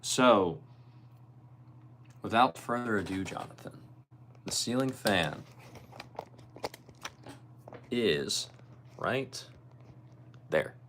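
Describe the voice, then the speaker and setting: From his bedroom, a young man with a very low, deep voice hosts a laid-back livestream, reading viewer comments aloud and answering each person by name in an easygoing way. He draws out his words and pauses often, while a faint hum lingers in the background.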